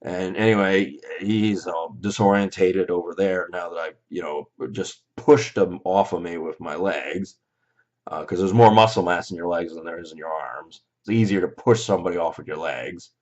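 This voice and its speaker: A man's voice: low voice, normal speed, darkish tone. A Canadian man recounting a dream in a rambling, hesitant way, full of fillers and restarts. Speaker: vlogger. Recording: slightly dull lo-fi audio.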